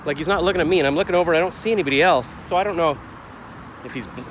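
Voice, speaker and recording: A man's voice: on the high side, very fast. Rambling middle-aged man, street noise behind. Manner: rambling, self-questioning, gets heated retelling the clash. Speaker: vlogger. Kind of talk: casual confessional vlog.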